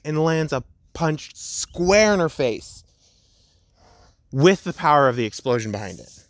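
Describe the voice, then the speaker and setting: A young man at home casually narrating a fan story, rambling and laid-back, slowing down for the dramatic parts. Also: a little high, expressive, no room sound, clean studio sound.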